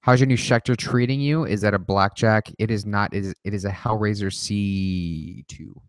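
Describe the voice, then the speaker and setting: Man, lowish voice, loose profane livestream host banter, dry close sound. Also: fairly even intonation, normal speed, clean tone, dry recording. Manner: joking, profane, rambling. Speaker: livestream host answering viewer questions. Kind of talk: casual rapid-fire Q&A livestream.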